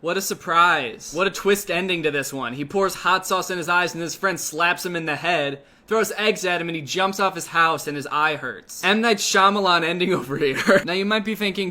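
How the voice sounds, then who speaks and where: Sarcastic young man with a bright voice. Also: high voice, moderate pace, few pauses. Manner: sarcastic, incredulous, jokey asides. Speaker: commentary youtuber. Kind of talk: comedic video commentary.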